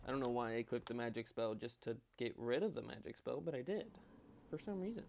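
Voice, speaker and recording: A man's voice: medium pitch, expressive, quick pace, creaky, a little mellow, a little hiss or hum. A man doing a casual, rambling voiceover over his own gameplay, chatting and poking fun at his own choices. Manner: rambling, self-mocking, chatty. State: yawning, tired. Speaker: gaming channel host.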